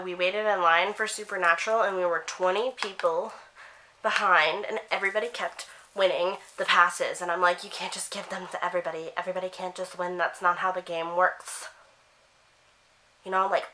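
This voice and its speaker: A young woman chatting excitedly to camera in a casual vlog while doing her makeup at home. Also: lowish voice. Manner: gushing, excitable storytelling. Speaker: vlogger. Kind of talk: casual chat.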